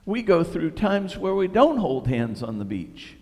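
A middle-aged man preaching a sermon, telling stories in an animated, self-deprecating way. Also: sits high, measured pace, big-room sound. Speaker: pastor.

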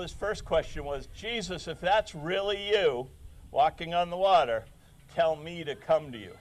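A man preaching a sermon in a casual, animated way, joking and acting out quotes with sudden loud shouts. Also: a little high. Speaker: pastor.

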